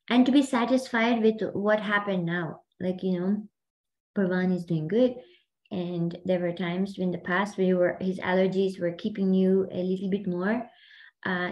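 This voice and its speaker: A woman's voice: mid-range voice, darkish tone, rough recording. Chatty woman coaching on a call. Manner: chatty, rambling, full of "like" and "you know". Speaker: host and mindset coach. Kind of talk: casual coaching chat on a group call.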